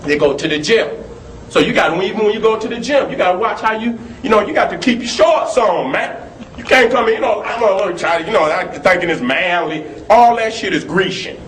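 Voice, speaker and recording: Fired-up high-voiced man, echoey room. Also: fairly quick. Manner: animated, profane, storytelling with laughs. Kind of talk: heated talk. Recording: echoey room with faint noise.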